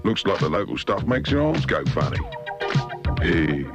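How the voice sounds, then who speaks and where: Deep, lively laid-back bear, loud music under. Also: male voice, normal speed. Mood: cool.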